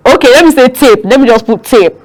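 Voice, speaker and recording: A woman's voice: sits high, expressive, fast talker. Emphatic Nigerian woman news co-host. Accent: Nigerian English. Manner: exclamatory, emphatic reactions. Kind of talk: casual news chat.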